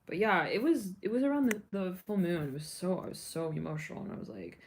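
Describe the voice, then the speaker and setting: A woman's voice: on the low side, big pitch swings, fast talker, a little hiss or hum. Giggly woman chatting on a livestream. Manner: giggly, rambling, sings snatches of songs. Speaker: livestream host. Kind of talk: casual livestream chat.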